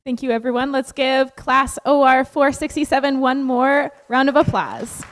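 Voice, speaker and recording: A woman's voice: high-pitched, moderate pace, big-room sound, some chatter behind. A woman emcee making upbeat announcements at a graduation event.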